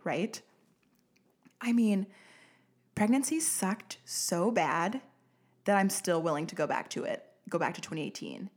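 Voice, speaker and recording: A woman's voice: mid-range voice, animated, unhurried, long pauses. A young woman from the United States hosting a casual solo podcast, ranting sarcastically, swearing freely and laughing often. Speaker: podcast host. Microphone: studio podcast mic.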